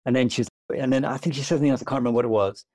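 A man's voice: fairly even intonation, darkish tone, no echo. A young man, a junior doctor, telling a story in casual, self-deprecating, rambling podcast chat. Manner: rambling, self-deprecating, quick and low-key.

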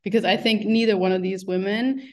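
A woman's voice: mid-range voice, steady tone, fairly quick, a little mellow. A woman hosting an interview, talking earnestly and posing direct rhetorical questions. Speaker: podcast host, interviewer. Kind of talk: casual interview talk.

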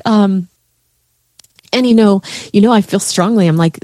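A woman's voice: mid-range voice, normal speed, pauses often, a little mellow, dry recording, clean studio sound. A woman coach talking in a heartfelt, rambling way, with many fillers and restarts, in a podcast conversation. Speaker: guest, coach. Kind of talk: emotional conversational podcast chat.

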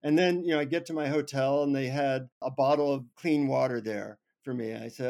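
A man on an interview show telling a funny personal story with lively, self-mocking humor. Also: medium pitch, fairly quick. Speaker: guest. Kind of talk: anecdotal storytelling.

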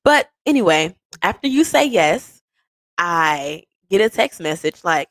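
A woman speaks into a close mic, telling a love story to her partner like a personal podcast. She is animated and playful, and she acts out the voices in her story. The sound is dry and intimate, with no room echo. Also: lowish voice, unhurried. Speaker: podcast host.

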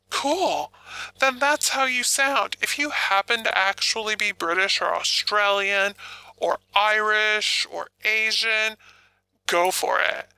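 A woman's voice: mid-range voice, vocal fry, bright, forceful tone, smooth, no room sound, poor audio. A woman and phone sex operator giving casual advice in a blunt, profane way.

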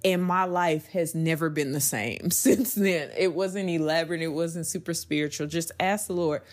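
A woman's voice: deep voice, moderate pace. A young adult woman hosting a faith-based podcast, speaking in an earnest, conversational way that turns emphatic as she goes. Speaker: podcast host.

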